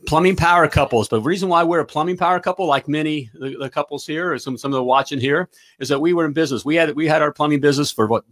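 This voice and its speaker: A middle-aged business coach livestreams an energetic pep talk, checking in repeatedly with "all right?" He talks fast, and his pitch is fairly high.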